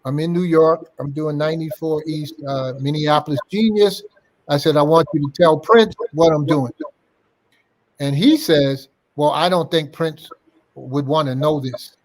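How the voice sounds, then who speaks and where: An older man telling a story in an interview, acting out the dialogue of the people in it as he goes. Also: a little high. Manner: animated anecdote-teller, acting out quoted dialogue. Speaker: interview guest.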